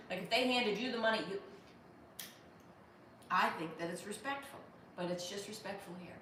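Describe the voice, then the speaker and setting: A woman's voice: fairly low pitch, brisk, recorded from a distance, noisy background. An American woman in her thirties hosting a casual livestream, joking and thanking viewers by name in a wry tone. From United States. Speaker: livestream host reading viewer comments. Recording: roomy echo from off-mic.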